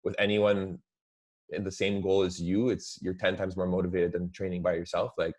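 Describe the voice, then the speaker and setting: A young man talking casually as a guest, relaxed and full of "like" fillers. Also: low voice, normal speed. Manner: relaxed, heavy use of "like" fillers. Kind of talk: casual chat.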